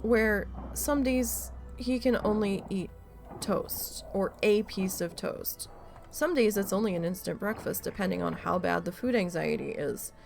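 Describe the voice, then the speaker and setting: A woman's voice: medium pitch, a little slow, gravelly, soft background music. A woman streamer chatting casually while she plays, telling an exasperated story with a lot of swearing. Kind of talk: casual chat during a live gameplay stream.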